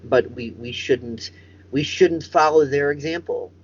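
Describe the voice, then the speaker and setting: A man's voice: on the high side, a little slow, highs cut off, slight background noise. A man hosting a comedic chat show over a video call, rambling and swearing for emphasis. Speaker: host.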